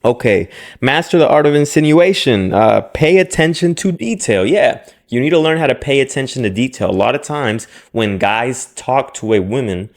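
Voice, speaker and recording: Guy doing dating advice to camera, blunt and slangy, mid pitch, keeps mocking other dudes. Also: moderate pace. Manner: blunt, animated, slangy, jumps into mocking impressions. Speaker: dating coach. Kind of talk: direct-to-camera advice monologue.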